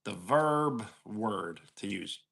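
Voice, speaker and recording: A man with a New York accent hosts a relaxed livestream and answers his viewers' comments as they come in. He talks slowly and easily, and his pitch rises and falls a lot. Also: vocal fry. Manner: easygoing, answers chat questions aloud. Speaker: livestream host. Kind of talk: casual chat reading out viewer comments.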